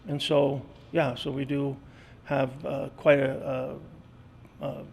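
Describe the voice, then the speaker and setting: A school custodian in his sixties, talking earnestly in an interview with many pauses and fillers. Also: medium pitch, little pitch movement, creaky, a little mellow, slight background noise. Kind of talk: interview storytelling.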